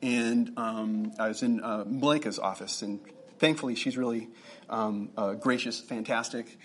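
A man's voice: fairly low pitch, steady tone, a little slow, slight background noise. A middle-aged man, a pastor telling a personal story in a conversational sermon, full of fillers and restarts. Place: church meeting room.

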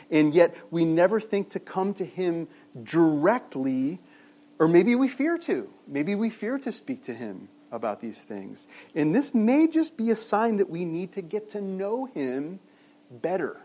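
Lively, animated male preacher. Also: sits high, unhurried. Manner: conversational preaching with many restarts and rhetorical questions. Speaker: pastor. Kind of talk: sermon.

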